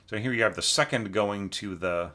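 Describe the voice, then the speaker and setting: Going over a student's orchestration, this teacher talks casually at a moderate pace in a voice on the low side with a sharp edge. He leans on fillers and tag questions, humming and scatting musical lines to demonstrate phrasing.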